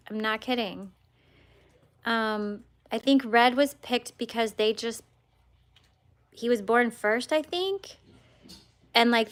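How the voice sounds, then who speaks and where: A woman with a fairly high voice hosts a casual livestream from her home as a dog breeder. She rambles along with fillers and restarts. Now and then she slips into cooing baby talk for her dogs. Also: a bit bright, smooth. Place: at home with a litter of puppies.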